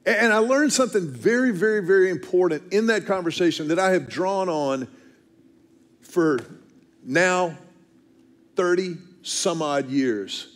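A man's voice: high-pitched, unhurried. A man, preaching a storytelling sermon with earnest, self-deprecating humor and frequent restarts. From Texas, USA. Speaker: pastor.

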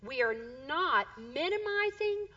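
A middle-aged woman preaching with a high, bright voice that carries a story along with animated energy and ready laughter. The recording sounds dull and lo-fi. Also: measured pace. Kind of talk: sermon.

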